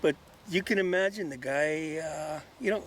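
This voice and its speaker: A man in a casual chat who speaks earnestly and haltingly, with many restarts. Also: a little high, a little hiss or hum.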